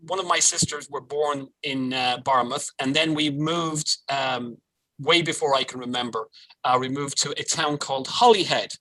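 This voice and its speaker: A man in his sixties talks with a blended North Welsh and Dublin Irish accent, his voice pitched a little high and strikingly bright. He tells his life story in a relaxed, chatty way with dry self-deprecating jokes, heard over a video call. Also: low-quality recording. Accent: mixed North Wales and Dublin Irish. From Wales. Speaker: guest.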